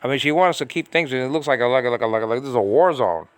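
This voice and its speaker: A man's voice: mid-range voice, expressive, racing, smooth, no echo. An American man ranting in a casual home monologue, exasperated and repetitive, full of fillers and restarts. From United States. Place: small room at home.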